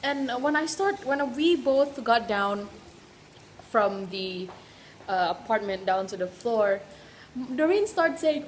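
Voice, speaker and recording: A young woman with a fairly high voice, rambling and giggling through a casual travel vlog. Her talk comes from a handheld camera, with a clear layer of background noise under it. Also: animated, slow. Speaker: vlogger. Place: hotel room and outdoor sights.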